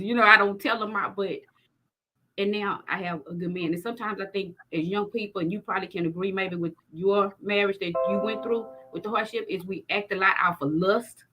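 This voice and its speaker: A middle-aged woman host talking faith in a husky, breathy voice. She speaks frankly and plainly and preaches as she goes, at a middle pitch. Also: pushed and bright. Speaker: podcast host. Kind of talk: faith-based conversation.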